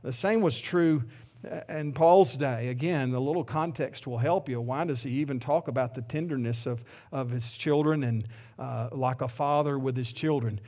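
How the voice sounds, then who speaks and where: A man's voice: mid-range voice, moderate pace, dark tone. A middle-aged man preaching a sermon as pastor, earnest and heartfelt, often restarting his sentences.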